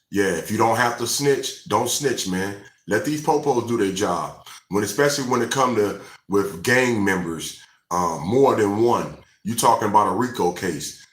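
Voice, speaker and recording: Low-voiced man in an echoey room. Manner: laid-back, relaxed slang. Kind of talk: casual sign-off to viewers.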